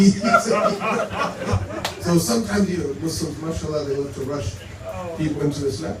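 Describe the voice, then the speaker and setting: A man's voice: a little high, measured pace. Storytelling man in an echoey hall. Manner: conversational, acts out dialogue in quoted exchanges. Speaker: Muslim speaker. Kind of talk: storytelling talk to a community. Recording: roomy hall, mic at a distance, faint hum.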